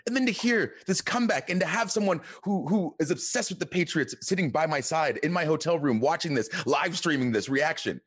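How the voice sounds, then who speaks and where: A man's voice: a little high, animated, brisk, hardly any pauses, breathy edge. A man from Atlanta, a guest on a podcast, chatting casually in a playful, theatrical way and hamming up mock outrage. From Atlanta, USA.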